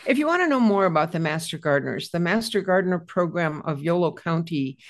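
A woman's voice: on the low side, lively intonation, fairly quick. A woman co-hosting a casual radio garden show, reading out event announcements in a chatty way and correcting herself along the way.

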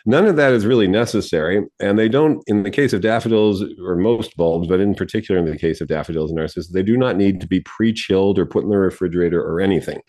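A man with a very low voice co-hosts a radio garden show. He explains things in a friendly, easygoing way and chuckles now and then. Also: quick pace, few pauses, warm tone. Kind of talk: radio garden advice chat.

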